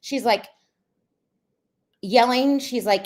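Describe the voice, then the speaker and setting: A woman's voice: high-pitched, fairly even intonation, measured pace. A woman hosting casual reaction commentary, chatty and explaining, with many fillers. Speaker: commentary host.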